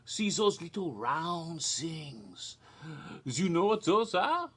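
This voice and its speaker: A man's voice: fairly high pitch, big pitch swings, a bit bright, breathy edge, heavily acted. A man doing a giggling comic doctor. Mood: giddy. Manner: theatrical, giggling, drawn-out delivery. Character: giddy comic male doctor marvelling at an X-ray. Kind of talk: comic skit.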